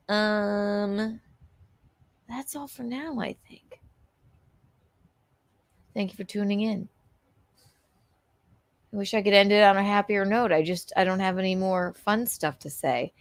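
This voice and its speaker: A woman's voice: mid-range voice, fairly bright tone, no room sound. A woman in her thirties hosting a late live stream, rambling and a little teary as she chats to viewers and signs off. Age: 30s. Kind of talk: casual live-stream chat.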